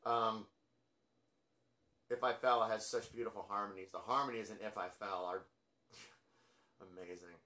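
A man's voice: fairly low pitch, steady tone, measured pace, pauses often, bright, forceful tone. A man casually ranking albums from his record collection, rambling and self-deprecating with lots of fillers. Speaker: music collector vlogger.

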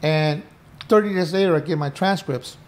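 Middle-aged guy on a podcast, kinda high voice, animated, acts out convos and cusses a lot. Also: moderate pace. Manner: animated, acts out quoted dialogue, swears casually. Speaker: podcast guest. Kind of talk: casual interview storytelling. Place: indoor podcast room.

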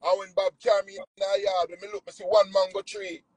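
A Jamaican nutritionist, a man, delivers casual spiritual storytelling in an animated, preachy style, swinging his pitch widely in bold swoops. He talks at a quick pace with vocal fry, and the dry, close recording has no room sound, faint music behind, and low overall quality.

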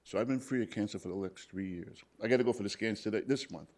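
A man's voice: lowish voice, fast talker, darkish tone. Plainspoken man telling his story. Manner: plainspoken, retells conversations in quoted dialogue. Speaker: paramedic and cancer survivor on a panel. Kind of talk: personal story told to a live audience. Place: hospital event room.

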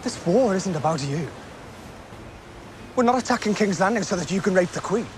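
A man's voice: high voice, lively intonation, moderate pace, over music. A stern, reproachful father.

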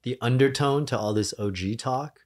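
A man's voice: medium pitch, moderate pace. A male podcast host who chats casually and backs up his guest with supportive interjections. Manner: supportive, backchanneling. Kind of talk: casual chat.

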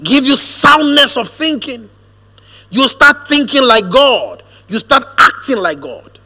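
A man preaching a sermon, shifting from hushed storytelling to a firm, drawn-out preaching cadence. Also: extremely high pitch, big pitch swings. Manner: storytelling, drops to hushed quoted asides, then rises to a firm preaching cadence. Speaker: pastor. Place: church auditorium. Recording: long hall reverb.

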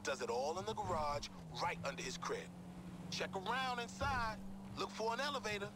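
A man's voice: high-pitched, moderate pace, natural voice. An actor playing a streetwise male crime contact in a video game, talking in slangy street speech. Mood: laid-back briefing. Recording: game audio over steady noise.

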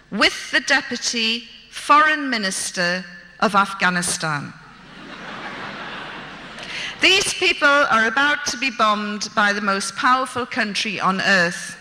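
A woman's voice: medium pitch, pushed and bright. A woman telling a story of her own experience to an audience with wry, dry gallows humour. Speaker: speaker recounting her captivity. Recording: long hall reverb.

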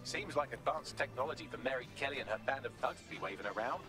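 An actor voicing a wry, sarcastic male AI assistant in a video game, speaking in a quick, teasing way. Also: medium pitch, over music, close to an everyday voice. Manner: quick, teasing, mock-speculative.

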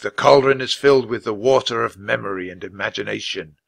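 A man voicing a mysterious, commanding knight, speaking slowly and loudly with a stern, booming delivery. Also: creaky, no room sound. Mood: solemn.

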